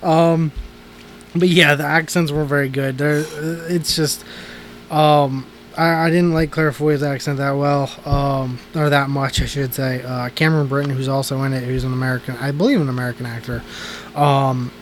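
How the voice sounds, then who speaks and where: A man's voice: mid-range voice, flat delivery, normal speed, a little hiss or hum. A man casually reviewing movies on a podcast, rambling with lots of fillers and restarts. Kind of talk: casual chat.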